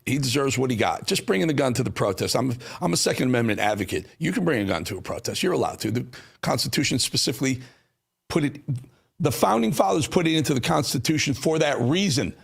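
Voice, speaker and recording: A man's voice: mid-range voice, lively intonation, fast, vocal fry, slightly rough. A man hosting a news talk show, delivering combative, sarcastic commentary on played clips.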